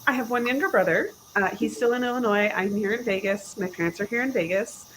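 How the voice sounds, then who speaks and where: Woman, forties, podcast guest; lively storyteller who acts out what people said, with faint hiss behind her. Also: a little high, fast, poor audio. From Chicago area, USA. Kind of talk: casual interview chat.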